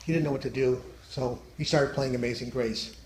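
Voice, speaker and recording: A middle-aged man doing stand-up at a church, telling joke stories with deadpan delivery and punchlines that drop low and quiet. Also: brisk. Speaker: stand-up comedian. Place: church hall. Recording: echoey hall, faint noise.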